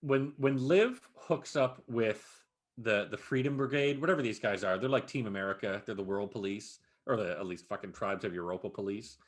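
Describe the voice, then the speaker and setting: A man's voice: on the low side, moderate pace. A man co-hosting a podcast in casual chat, swearing freely and recapping a series with lots of energy. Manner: profane, animated recapping with frequent laughs. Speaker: podcast co-host.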